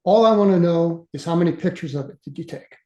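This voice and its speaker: A man in his sixties quoting a menacing Air Force major who presses him with sly questions, in a mellow, roomy-sounding voice. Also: a little high, quick pace, lo-fi sound, close to an everyday voice. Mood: pressing.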